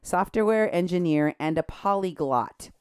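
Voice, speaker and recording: A woman's voice: lowish voice, animated, measured pace, clean tone, no room sound, studio quality. A woman talking on a radio show in a heated, indignant way, reading posts aloud with scorn and her voice climbing toward outrage. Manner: indignant, agitated, rising to near-shouting outrage; reads social media posts aloud with scorn. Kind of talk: heated talk radio commentary.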